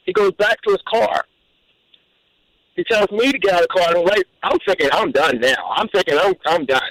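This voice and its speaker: A man calling in to a radio show, telling a personal story in an animated way, with repeated words and restarts. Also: high-pitched, fairly quick, dry recording, rough recording. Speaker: caller.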